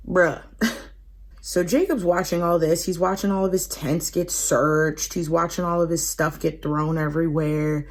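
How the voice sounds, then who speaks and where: A woman's voice: lowish voice, fairly even intonation, measured pace. A woman casually retelling a Bible story in a slangy, conversational way. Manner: slangy, conversational, laughing asides. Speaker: host retelling Bible stories.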